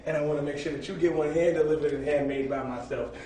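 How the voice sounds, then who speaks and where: A man's voice: on the high side, fairly even intonation, fast talker, mellow. A man, a tour DJ, handing out sandwiches backstage with mock-ceremonious, hyped speeches. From Detroit. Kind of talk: playful mock-formal presentation. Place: backstage rooms on a music tour. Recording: echoey, off-mic, with crowd noise.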